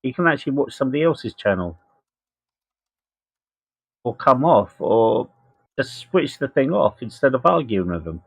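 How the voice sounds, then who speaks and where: A man's voice: medium pitch, very animated, normal speed, gravelly, long pauses, slightly rough. A man on a casual online panel, speaking in a matter-of-fact way.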